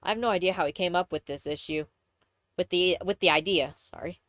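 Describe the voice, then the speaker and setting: A young woman from Texas, USA, with a blend of Southern and Midwestern accent, chats casually and reads aloud on a live stream, rambling and correcting herself as she goes. Her voice is lowish and a bit bright, her pace brisk. The recording is dry.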